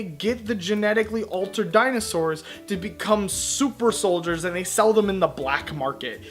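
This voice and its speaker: A man's voice: high-pitched, fairly bright tone. Sarcastic man ranting about movies. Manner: sarcastic, blunt, exasperated. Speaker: movie reviewer.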